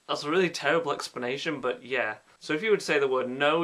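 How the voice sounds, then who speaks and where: A man's voice: on the high side, fast talker, hardly any pauses, fairly bright tone. A young man in his late teens from Yorkshire with a mild Yorkshire accent, chatting in a casual, self-mocking vlog. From Yorkshire, England. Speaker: vlogger.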